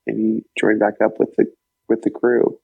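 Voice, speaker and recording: Slow, husky-voiced male player. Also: fairly low pitch, completely flat delivery, narrow, tinny audio. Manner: easygoing, laughing, hesitant. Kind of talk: casual tabletop play.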